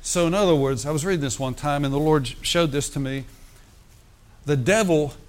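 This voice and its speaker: A man's voice: mid-range voice, a little hiss or hum. A man preaching, reading scripture aloud and breaking off to comment in a conversational way. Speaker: pastor. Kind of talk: sermon.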